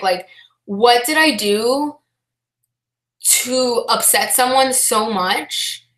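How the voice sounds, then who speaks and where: A woman's voice: mid-range voice, pushed and bright, echoey room. A young adult woman chatting casually on a livestream, reading the chat aloud and talking with lots of fillers. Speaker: vlogger.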